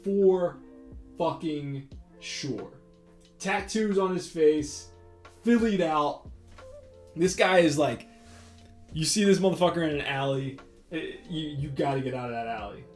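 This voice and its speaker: An artist hosting a drawing stream tells a rambling, profane anecdote as he draws, packed with fillers and retold dialogue in an animated way. His voice sits on the high side, with a measured pace and frequent pauses. The room echoes, and faint guitar music plays.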